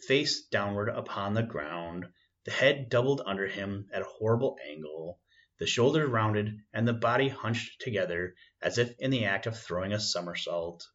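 A man narrating a first-person story in a measured, dramatic reading, on a dull lo-fi recording. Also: fairly low pitch, a bit bright. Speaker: audiobook narrator.

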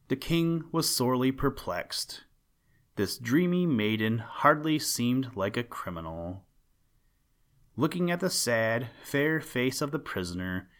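A man reading an old storybook tale aloud in a calm, measured way. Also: mid-range voice.

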